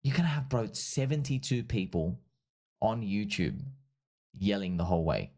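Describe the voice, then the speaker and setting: A man hosting a casual livestream, talking through crypto price charts in an excitable, repetitive way and often calling his audience friends. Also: on the low side, moderate pace. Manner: laughs at his own points. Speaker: livestream host and crypto trader.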